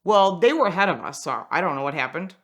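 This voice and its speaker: A woman's voice: fairly low pitch, fast. A woman who is an automotive journalist and racer, telling an anecdote in a casual way and acting out the dialogue. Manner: animated, acts out quoted dialogue.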